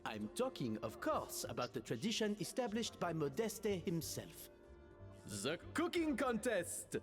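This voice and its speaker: Brief: flamboyant French gentleman, courtly and flowery, lively melody. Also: high voice, unhurried, in a large hall, faint music behind, full character voice. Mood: grandiose. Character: theatrical French gentleman host, courtly and grand.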